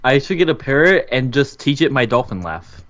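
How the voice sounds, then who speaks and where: A man's voice: medium pitch, big pitch swings, normal speed, a bit bright, highs cut off. A young man chatting playfully on a casual podcast, correcting others and joining the banter. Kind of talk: casual group chat.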